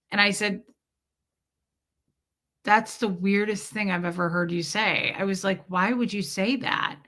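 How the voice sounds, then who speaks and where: A woman's voice: mid-range voice, steady tone, slow pace, pauses often, fairly bright tone. A woman vlogger casually retelling a personal conversation to her viewers, candid and rambling.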